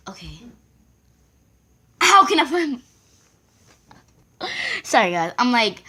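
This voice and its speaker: A woman's voice: medium pitch, very animated, a little slow, long pauses, pushed and bright, breathy edge. A woman vlogger rambling through a casual storytime, acting out the voices of the people in it. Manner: rambling, acts out quoted voices.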